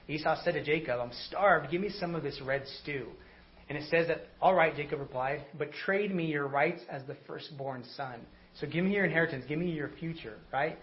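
A man preaching in a casual, conversational way, telling stories and often checking in with "right?". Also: fairly high pitch. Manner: animated storytelling with frequent "right?". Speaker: pastor. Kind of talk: conversational sermon. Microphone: recorded online service audio. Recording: slightly dull audio, faint noise.

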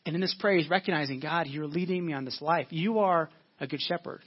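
A man preaching a sermon as pastor, earnest, repeating phrases for emphasis and slowing down when reading scripture. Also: fairly high pitch, husky, lo-fi sound.

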